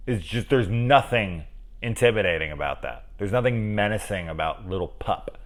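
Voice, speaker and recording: A middle-aged man giving a casual, profane film review, animated and acting out lines as he goes. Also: low voice, moderate pace.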